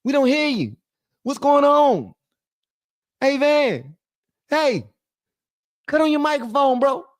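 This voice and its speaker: A man's voice: very high voice, very animated, slow pace, pauses often, no echo, voice pushed up, full character voice. A man voicing a mocking young male livestream chat viewer who taunts the host. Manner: taunting, heckling.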